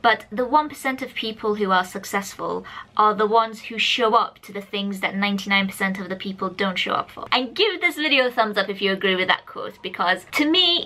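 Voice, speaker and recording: Woman vlogger, bright voice, animated and chatty, filming a casual talk at home. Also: mid-range voice, poor audio. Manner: animated, chatty, addresses viewers directly. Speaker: YouTube vlogger.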